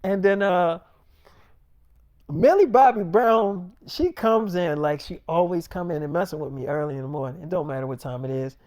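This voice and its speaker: A man with a high voice spins a rambling story in loose, profane slang. He stammers and restarts as he goes and chains quotes with "I'm like". The sound is close and dry, with no room in it. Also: moderate pace, darkish tone, dry recording. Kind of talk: casual rambling storytelling monologue.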